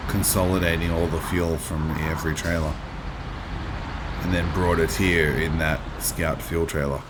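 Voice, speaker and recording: A man's voice: a bass voice, little pitch movement, moderate pace, background noise. A man in his thirties streaming a driving game, chatting casually, reading his chat aloud and answering it. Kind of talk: casual live-stream chat while playing.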